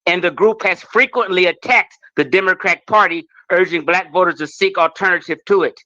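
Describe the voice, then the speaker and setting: High bright man guest, reads a source then argues back hard with swearing, lo-fi. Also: a little fast, no room sound. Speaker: podcast guest. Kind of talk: heated live podcast debate.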